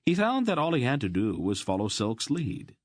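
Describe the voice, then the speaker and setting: A man narrating a fantasy audiobook in an even, measured storytelling manner. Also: medium pitch, no echo. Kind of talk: scripted narration.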